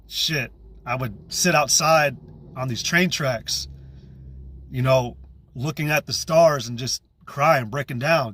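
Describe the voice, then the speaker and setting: A man with a slightly high voice shares his religious testimony in a raw, casual way. He halts and restarts his sentences often and leans on slang as he talks. The recording is close and dry, with no room sound. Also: a bit bright, dry recording. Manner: earnest, halting, with frequent restarts and slang. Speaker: believer giving religious testimony.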